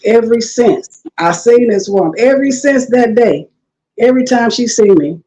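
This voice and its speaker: A woman's voice: on the high side, expressive, unhurried, a little mellow, poor audio. A middle-aged woman guest telling stories in a casual talk, acting out the people she quotes and laughing often. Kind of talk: casual storytelling interview.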